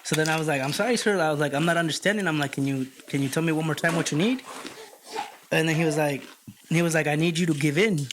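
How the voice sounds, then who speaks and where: Brief: male co-host, animated and profane storyteller, mid-high pitch, faint background hiss. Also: quick pace. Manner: animated, heavy swearing, retells dialogue. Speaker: podcast co-host. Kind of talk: casual storytelling among friends.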